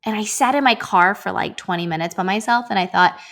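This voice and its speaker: A woman's voice: medium pitch, brisk, fairly bright tone. A woman in her thirties hosting her own show, talking in a heartfelt, rambling way about being present, with many fillers. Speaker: podcast host. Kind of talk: reflective casual monologue.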